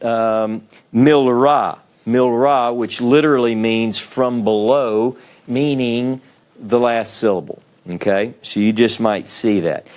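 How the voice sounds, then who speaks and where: Slow-talking man teaching a class. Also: medium pitch, a little mellow. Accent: Southern US. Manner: unhurried, explanatory, frequent "okay?" and "right?" check-ins. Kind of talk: classroom lecture.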